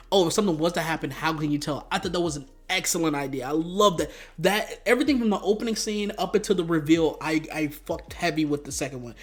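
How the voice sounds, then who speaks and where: Young male reviewer, slangy and loose, fairly high voice, spikes up in disbelief. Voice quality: profane, animated, slangy, jumps to high-pitched outbursts. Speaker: YouTube movie reviewer. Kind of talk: casual rambling review.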